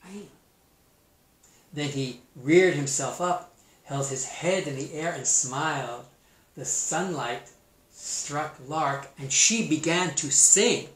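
Male teacher reading a storybook aloud, slow and playful with asides, in a roomy room. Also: fairly high pitch. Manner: playful, expressive, comments on the story. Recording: roomy echo.

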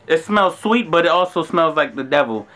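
Animated New York man telling a story. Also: a little high, normal speed, soft background music. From Brooklyn, New York. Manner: animated, slangy and profane. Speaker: vlogger. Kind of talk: casual storytelling.

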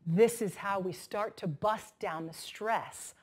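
A woman's voice: medium pitch, slow pace, breathy edge. A woman motivational speaker telling stories to an audience, acting out the voices of the people in them. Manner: animated storytelling, acts out quoted voices. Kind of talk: keynote talk to an audience.

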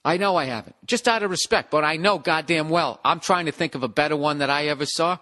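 A man rambles through a solo podcast, sarcastic and full of swearing. His voice sits a little high for a man, and he keeps slipping into mocking impressions of other people. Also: quick pace. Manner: profane, sarcastic, animated ranting with mocking impressions. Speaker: podcast host.

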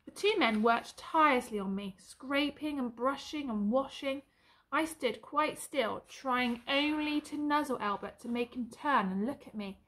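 Teacher lady reading a story out loud, expressive, slightly high voice. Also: measured pace. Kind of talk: storybook read-aloud.

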